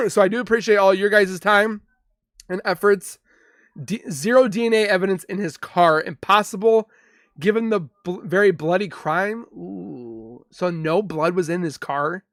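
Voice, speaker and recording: A young man hosts a live chat stream, reading viewer comments and answering them in a loose, rambling way. His voice sits fairly high for a man, and the sound is dry and close with no room around it. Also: fairly bright tone, dry recording. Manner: chatty, reads viewer comments aloud and reacts; loose, with restarts and quick asides. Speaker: livestream host reading chat.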